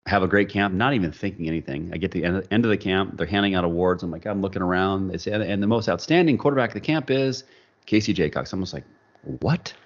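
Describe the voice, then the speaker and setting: Low-voiced guy on a podcast, animated storytelling, kinda muffled audio. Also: quick pace. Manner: animated storyteller, acts out quoted dialogue. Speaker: podcast guest. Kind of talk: storytelling in casual interview.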